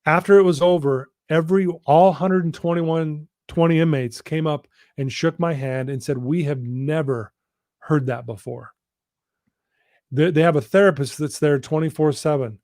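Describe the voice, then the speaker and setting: Coach guy telling his story, earnest and slow on the big lines, kinda high voice, dry sound. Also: steady tone, darkish tone, no echo. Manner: earnest, drawn-out emphasis on key lines. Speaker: guest, personal-development coach. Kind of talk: storytelling in a live interview.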